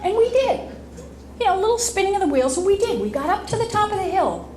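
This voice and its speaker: A woman's voice: very high-pitched, big pitch swings, fast talker, darkish tone. A woman in her fifties giving a humorous speech, telling comic stories and laughing often. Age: 50s. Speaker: motivational speaker. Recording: echoey hall with background noise.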